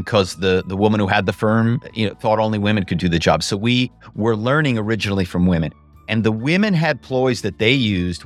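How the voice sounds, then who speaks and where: A middle-aged man, a guest, telling lively stories and slipping into other voices. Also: on the low side. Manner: animated, slips into voices. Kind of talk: storytelling interview answers.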